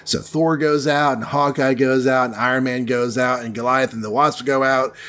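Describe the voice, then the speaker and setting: A man's voice: medium pitch, steady tone, normal speed, a bit bright. A man retelling a comic book plot in a rambling, jokey way, full of ums and asides. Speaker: comics storyteller. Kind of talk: casual retelling.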